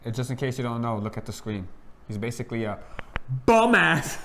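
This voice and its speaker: A man's voice: medium pitch, fairly even intonation, fast, a little hiss or hum, voice pushed down, close to an everyday voice. A man playing the dry, mock-serious father of a new groom. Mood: teasing.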